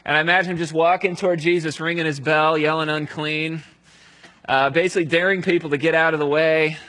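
A man preaching in a relaxed, conversational way, his voice sitting a little high for a man. He tells the story as if picturing it aloud, and his voice falls quiet at the solemn parts. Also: fast talker, low-quality recording. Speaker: pastor. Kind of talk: sermon.

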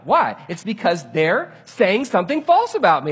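A male pastor preaching with a slightly husky, fairly high voice. His delivery swings widely in pitch as he tells a funny personal story to the congregation. He acts out his own exasperation along the way. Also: big pitch swings, measured pace, a bit bright. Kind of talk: sermon.

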